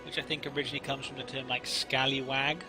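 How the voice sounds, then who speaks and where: A man's voice: mid-range voice, little pitch movement, fast talker, music in the background. A man co-hosting a casual podcast chat, rambling and playful with lots of fillers. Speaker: co-host.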